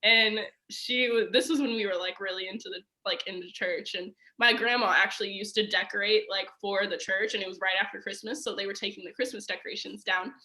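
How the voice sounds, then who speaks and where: A woman's voice: medium pitch, fairly even intonation, fairly quick, few pauses, bright, forceful tone. A young woman telling a personal story as a podcast guest, chatty and casual, full of "like" and fillers. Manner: chatty, filler-heavy with frequent "like" and laughs.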